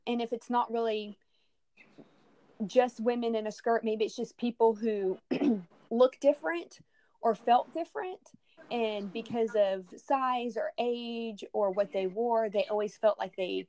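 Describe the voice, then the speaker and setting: A woman's voice: medium pitch, normal speed, darkish tone. A married woman from Texas with a Southern Texas accent, chatting as a podcast guest and hesitating often with ums and restarts. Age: adult, married. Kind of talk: casual interview conversation.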